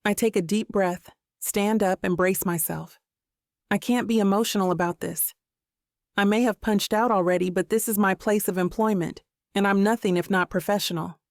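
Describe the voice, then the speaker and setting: A woman narrating a first-person romance audiobook with an expressive, inner-monologue style. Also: mid-range voice, normal speed, no echo, studio quality.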